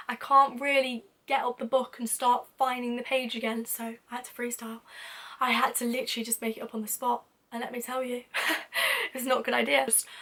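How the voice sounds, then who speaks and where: A young woman telling a funny story to camera in a casual, lively way, acting out what people said. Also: on the high side. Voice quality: lively, acts out quoted lines with sudden whispers and laughs. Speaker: vlogger.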